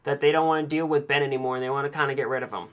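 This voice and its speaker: A man hosts a casual solo podcast, recapping a TV episode in a chatty, opinionated, rambling style full of fillers and restarts. His mid-range voice is steady and clean in tone, and he talks very fast.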